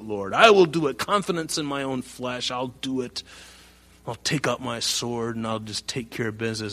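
A male preacher delivers a sermon with lively energy. He drops to quiet asides, then rises sharply as he acts out the people in the story. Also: mid-range voice. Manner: animated, acts out quoted voices with loud rising bursts.

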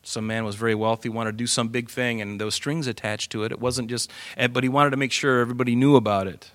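A man preaching a sermon, lively and animated, swinging from loud emphasis to hushed asides. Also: medium pitch, fast talker, no room sound. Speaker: pastor.

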